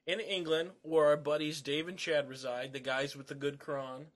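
A man's voice: fairly high pitch, level tone, normal speed. A man co-hosting a podcast, trading dry jokes in casual chat. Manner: joking, dry banter. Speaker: podcast co-host.

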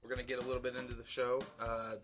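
A man's voice: medium pitch, completely flat delivery, rapid-fire, fairly bright tone, soft background music. Man chatting loosely, swearing freely. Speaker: podcast co-host. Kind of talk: casual chat.

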